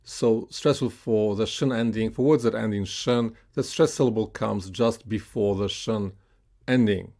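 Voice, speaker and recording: Man teaching pronunciation, low gravelly voice, slow and patient, models words for repetition. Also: steady tone, mellow. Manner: slow, patient, with frequent "uh" and "right?" checks; models words slowly for learners to repeat. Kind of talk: classroom pronunciation lesson.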